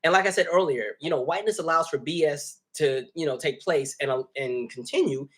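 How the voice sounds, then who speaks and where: A man's voice: a little high, brisk. A man hosting a casual livestream, talking animatedly, laughing and reading viewer comments aloud. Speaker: livestream host.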